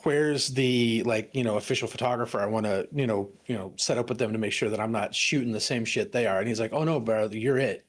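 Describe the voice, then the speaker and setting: A man's voice: mid-range voice, fairly quick, hardly any pauses. A young adult man chatting casually on a stream, rambling through stories with many restarts and bursts of laughter. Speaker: stream co-host. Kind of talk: casual chat.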